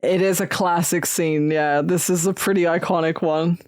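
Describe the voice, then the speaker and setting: A woman's voice: on the low side, fairly even intonation, darkish tone, no room sound. Woman, podcast co-host; casual, easygoing chat with frequent agreement, dry recording. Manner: chatty, chimes in with quick agreement. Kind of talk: casual chat recapping a film.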